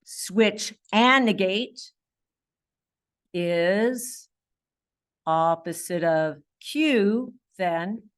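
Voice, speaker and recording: A woman math teacher talks slowly and with emphasis, leaning hard on key words as she walks students through a lesson. She keeps reassuring them and urging them to follow along. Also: on the low side. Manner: encouraging, emphatic, stresses key words with hand signals. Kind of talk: classroom lesson video.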